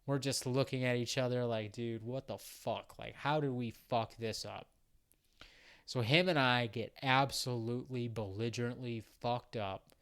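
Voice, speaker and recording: A man's voice: mid-range voice, clear, resonant tone. A young man casually telling a travel story, swearing freely and rambling with lots of fillers. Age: young adult. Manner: profane, rambling, frequent fillers. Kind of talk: casual anecdote.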